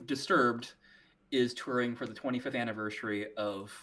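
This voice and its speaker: A man with an average-pitched voice co-hosts a podcast. He rambles through a casual story with halting restarts and offhand swearing. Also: steady tone, sharp tone. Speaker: podcast co-host. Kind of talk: casual chat.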